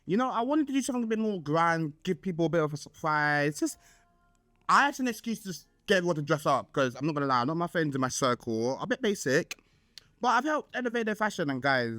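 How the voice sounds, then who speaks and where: A man's voice: a little high, a bit bright, dry recording. A man, hosting a casual storytime vlog and gossiping dramatically about his birthday, full of fillers. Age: 20s. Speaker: vlog host.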